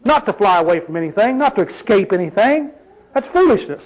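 A man's voice: sits high, big pitch swings, fairly quick, a little hiss or hum, low-quality recording. A man preaching a sermon in an emphatic, folksy way, full of rhetorical questions.

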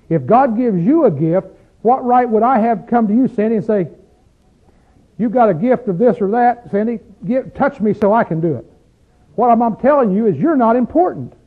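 A male preacher giving a conversational sermon, reading scripture aloud and asking the congregation plain rhetorical questions. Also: sits high. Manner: rises into loud, drawn-out chanting when acting out crowds in the text. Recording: tinny phone-like lo-fi recording.

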